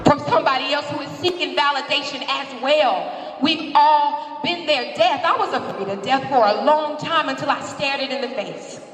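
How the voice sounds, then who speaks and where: High-voiced woman preaching in an echoey hall. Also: moderate pace, a bit bright, recorded from a distance. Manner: passionate, candid testimony. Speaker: guest speaker at a women's seminar. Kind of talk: motivational speech. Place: large hall, live audience.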